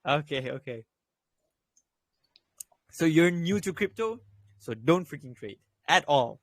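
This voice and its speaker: A man's voice: fairly high pitch, animated, slow, fairly bright tone, dry recording. A young man and student giving blunt, profanity-laden crypto advice in a casual voice chat, repeating his points. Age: young adult. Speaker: crypto trading voice chat host.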